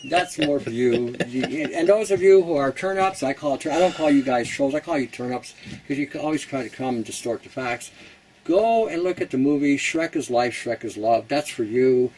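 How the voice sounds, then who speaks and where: A man's voice: medium pitch, moderate pace, a little mellow, slight background noise, poor audio. A man hosting a casual how-to talk, chatty and blunt, laughing at his own jokes. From Canada. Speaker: host.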